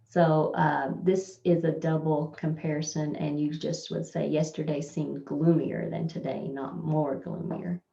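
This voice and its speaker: A woman's voice: low voice, fairly even intonation, unhurried, gravelly, hardly any pauses, mellow. A woman teaching a test prep grammar lesson, explaining over slides in a plain, patient way and thinking aloud with fillers. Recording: echoey, dull lo-fi room recording.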